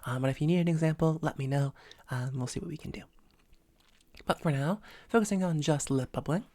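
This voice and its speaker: A woman with a low, mellow voice leads a voice lesson, talking it through loosely with plenty of fillers. She sits close to the microphone in a dry room. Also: a little fast, no echo. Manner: relaxed, hesitant with many fillers. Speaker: voice coach. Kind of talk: instructional voice lesson.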